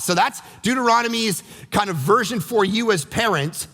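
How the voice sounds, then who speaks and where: Animated pastor preaching in a reverberant hall. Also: male voice, sits high, normal speed, few pauses. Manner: animated, acts out quotes with voices. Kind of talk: sermon. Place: church sanctuary.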